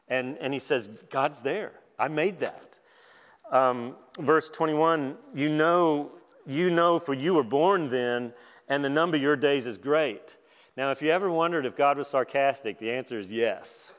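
A man preaching a sermon as a guest speaker, talking in a relaxed, self-deprecating way and turning animated when he acts out the verses he quotes. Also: fairly high pitch, in a large hall. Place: large church hall.

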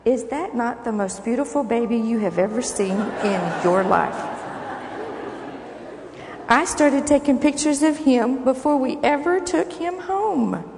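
In a church sanctuary, an older woman gives a children's sermon, coaxing the kids and asking them questions. Her slightly high, gravelly voice is animated and a little slow, recorded in an echoey hall against a noisy background.

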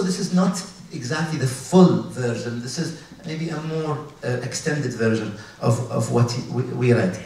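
A man from the UAE gives a talk at a conference, pausing often and restarting his sentences. His voice sits at a middle pitch. It reaches the mic from a distance, in a large hall full of echo with a faint noise underneath. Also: darkish tone. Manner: halting, many fillers and restarts. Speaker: conference speaker.

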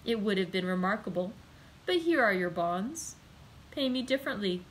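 A woman reading the lines of a wealthy, commanding nobleman count, calm, gracious and cold. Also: medium pitch, normal speed, a little hiss or hum, lightly acted, rough recording. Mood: calm, assured.

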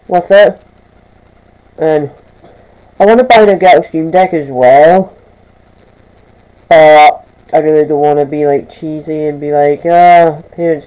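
A man's voice: on the high side, warm tone, low-quality recording. A teenage boy vlogging casually to camera, stammering and restarting his sentences as he talks through plans. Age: teens. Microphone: camera mic.

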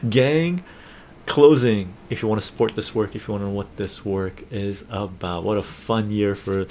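A man's voice: fairly low pitch, moderate pace, slight background noise. A man hosting a casual live stream, chatting upbeat with viewers and reading their comments aloud. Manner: excited auctioneer calling bids. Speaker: streamer hosting a points auction.

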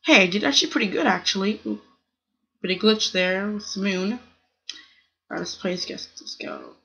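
A woman's voice: mid-range voice, moderate pace, gravelly, bright, forceful tone. A young woman hosting her gaming channel, chatting casually as she plays and scolding the other players with strings of "no". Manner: chatty, talks to the game's other players, squeals "no". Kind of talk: casual gameplay commentary.

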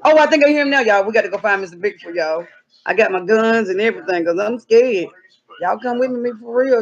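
A woman vlogging outdoors with a gravelly edge to her voice. She hams it up, playing scared and yelling out calls in a comic skit. The recording is dull and lo-fi. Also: mid-range voice. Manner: dramatic, mock-scared, shouting out calls. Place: outdoors in the cold.

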